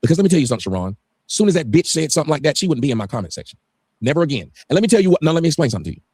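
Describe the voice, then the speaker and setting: A man's voice: fairly high pitch, sing-song, very fast, dark tone, slightly rough, no room sound. A man on a livestream talking heatedly, ranting emphatically and swearing often. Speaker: guest on a livestream.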